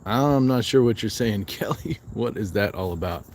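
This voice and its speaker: A man with a fairly low voice hosts a casual fitness livestream, reading his viewers' comments aloud and answering them one by one. He is outdoors at night, and faint crickets and insects buzz behind him. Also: lively intonation, normal speed, a little mellow, a little hiss or hum. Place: outdoors at night, resting during a walk.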